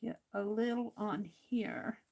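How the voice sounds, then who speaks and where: Slow-talking woman chatting while crafting. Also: mid-range voice, gravelly, a little mellow. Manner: slow, chatty, talks to herself while working. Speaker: craft livestream host. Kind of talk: casual crafting livestream talk.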